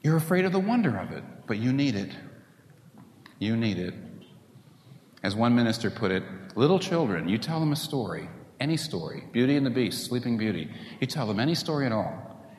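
A male preacher delivers a sermon with a lively, swooping pitch, firing rhetorical questions at the congregation. His voice rings through a large hall with a long reverb tail. A faint hum of room noise sits underneath. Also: quick pace. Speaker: pastor.

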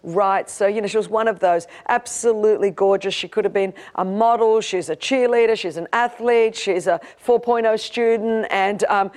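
An Australian woman in her fifties preaching a sermon, passionate and emphatic, moving between rousing declarations and quieter storytelling. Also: mid-range voice, normal speed, few pauses.

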